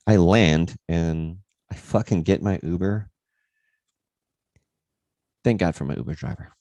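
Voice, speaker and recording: A man with a low voice tells a rambling story on his fitness livestream. His pitch swings up and down a lot, and he swears freely. The sound is dry and close, with no room echo. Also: a little mellow.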